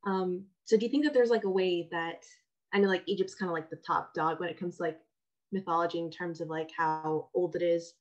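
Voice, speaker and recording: A woman's voice: on the low side, steady tone, a little fast, dull audio. A woman interviewer asking a casual question, hesitant and full of fillers.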